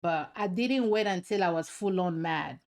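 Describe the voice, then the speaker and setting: A young adult woman hosting a casual chat, animated and teasing, with a lot of slang. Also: fairly low pitch, moderate pace. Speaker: host.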